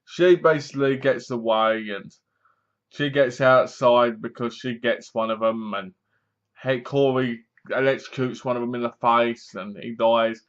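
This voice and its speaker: A man's voice: mid-range voice, steady tone, a little slow. Chatty man reviewing a horror film. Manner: rambling, chatty retelling with asides. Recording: dull lo-fi recording.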